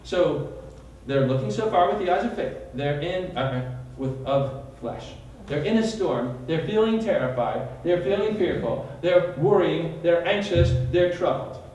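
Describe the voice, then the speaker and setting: A man's voice: fairly high pitch, lively intonation, measured pace, hardly any pauses, darkish tone, lo-fi sound, a little hiss or hum. A man leading a Bible study, teaching in a sermon style, retelling vividly and quizzing his listeners by name. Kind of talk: teaching sermon with questions to a group. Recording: echoey room from far off.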